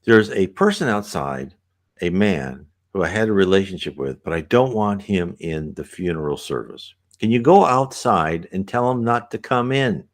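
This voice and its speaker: A man's voice: deep voice, animated, normal speed. A man voicing the spirit of a young woman who talks in a raised, chatty way.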